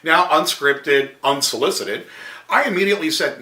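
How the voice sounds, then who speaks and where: A man's voice: medium pitch, animated, a little fast, bright, forceful tone, reverberant. A man giving a motivational business coaching tip, speaking straight to viewers as an upbeat storyteller.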